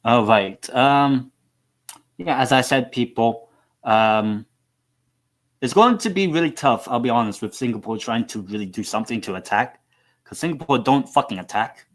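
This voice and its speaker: A man's voice: mid-range voice, normal speed. A man hosting a live football watchalong stream, chatting casually in a rambling, profane, self-mocking way.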